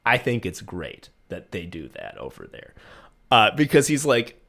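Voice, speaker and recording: A man's voice: on the low side, wildly swooping pitch, measured pace, vocal fry, a bit bright. Podcast co-host, male, swearing and rambling through an anecdote. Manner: rambling, profane anecdote-telling with many fillers. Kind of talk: casual chat, telling a travel story.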